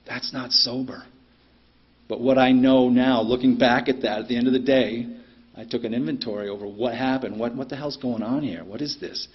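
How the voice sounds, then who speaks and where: In a meeting room, a middle-aged man tells his recovery story bluntly and plainly, using many ums and cursing now and then. His mid-range voice has a steady tone, normal speed, and a breathy edge, heard through a dull lo-fi recording.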